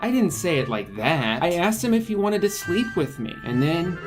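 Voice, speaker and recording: A man's voice: fairly high pitch, sing-song, normal speed, pitched above the performer's own voice. A man voicing a shy, bookish teenage girl, with music playing behind. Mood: embarrassed. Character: shy bookish teen girl narrator, embarrassed and hopeful.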